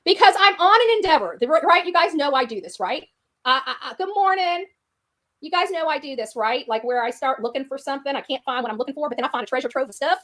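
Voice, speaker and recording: A woman talking on a livestream in a rambling, taunting way. She keeps repeating herself and stumbles through her sentences. Her voice is high and very animated, and she talks fast. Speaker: live streamer.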